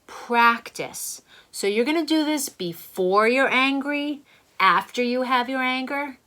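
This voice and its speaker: A middle-aged woman, a child therapist, gently and encouragingly walking children through calming exercises. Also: high voice, takes it slowly, low-quality recording. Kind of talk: instructional talk to children.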